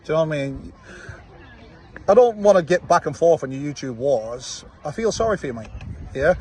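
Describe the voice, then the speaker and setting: A brisk, mellow male voice, fairly high with lively intonation and a little hiss or hum, carries a Manchester accent. The fight promoter, from Manchester, England, taunts with repeated "yeah?" in a confrontational direct-to-camera reply filmed outdoors while he watches football.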